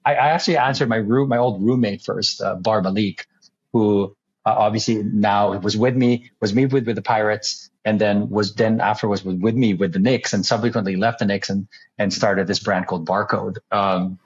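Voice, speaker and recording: A man's voice: on the low side, normal speed, husky, muffled recording. A man speaking as a podcast guest, animatedly telling a story and acting out other people's lines, often restarting and repeating words. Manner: animated storyteller who acts out quoted dialogue. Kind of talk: storytelling conversation.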